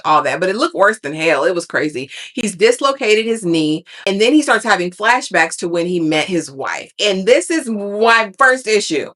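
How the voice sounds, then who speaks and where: A woman's voice: lowish voice, fairly bright tone. A woman giving a casual, sassy TV recap, calling listeners honey and baby. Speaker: TV recap vlogger.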